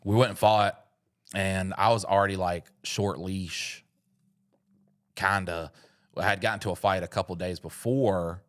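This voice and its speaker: A man's voice: low-pitched, unhurried, long pauses. A man co-hosting a podcast, telling a rambling comic story full of swearing. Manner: profane, rambling, animated. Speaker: podcast co-host. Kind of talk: comedic storytelling.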